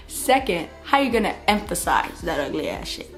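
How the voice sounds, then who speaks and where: A young woman tells a casual story-time vlog straight to camera. Her delivery is expressive, and she jumps into other people's lines as she retells what happened. Faint music plays under her voice. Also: lowish voice, measured pace. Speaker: vlogger.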